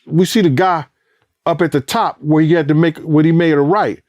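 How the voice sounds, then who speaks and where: A man recounting events as a former bodyguard in an animated, profane interview, acting out voices and sounds. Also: a little high, normal speed, dry recording, dull audio. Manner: profane, acts out quotes and sounds, rising excitement.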